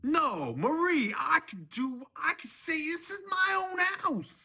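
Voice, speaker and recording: A man voicing a belligerent older father-in-law, shouting in a comic dramatic reading. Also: lowish voice, very animated, quick pace, husky, pitched above the performer's own voice, exaggerated voice. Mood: outraged.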